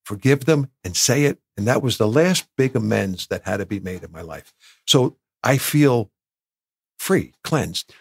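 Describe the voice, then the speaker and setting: A man's voice: mid-range voice, expressive, unhurried, vocal fry, breathy edge, dry recording, studio quality. A man in his sixties from New Jersey, a podcast guest telling candid personal stories with emotion and acting out what others said. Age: 60s. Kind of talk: candid storytelling.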